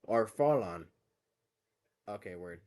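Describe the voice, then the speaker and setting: Animated yet unhurried, this man speaks with a fairly low, darkish voice as he streams a racing game. The West African English on the phone call carries relaxed, slangy banter and frequent laughs, typical of a casual gaming stream.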